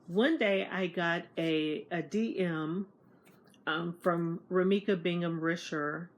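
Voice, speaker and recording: A young woman, chatting casually to camera about meeting authors and acting out what people said. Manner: animated, acts out quoted dialogue in higher voice. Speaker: book vlogger.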